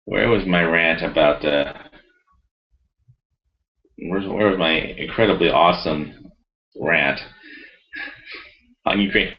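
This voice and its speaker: Heated, very deep-voiced man ranting. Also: slow pace, pauses often, highs cut off. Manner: heated, profane, rambling with many restarts. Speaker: video blogger. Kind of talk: ranting commentary, reading his own forum post aloud.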